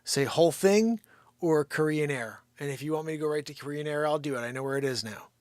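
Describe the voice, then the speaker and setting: A man's voice: fairly high pitch, fairly even intonation, quick pace, dry recording. A man hosting a live stream, casually chatting and impatiently prodding viewers to answer in the chat.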